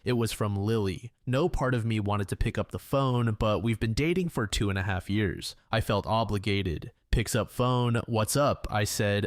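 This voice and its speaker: A man narrating a reddit story, reading every line, quotes included, in the same even, flat delivery. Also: lowish voice, no echo, studio quality.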